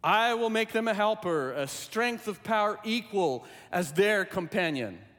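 Man, pastor, sermon, high voice, deliberate repeated phrasing, reverberant church hall. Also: animated, fairly bright tone.

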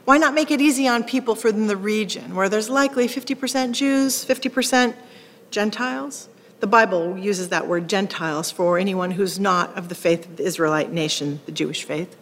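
A woman pastor preaching a sermon, animated, acting out quoted lines with sharp rising questions. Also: medium pitch, moderate pace. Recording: long hall reverb.

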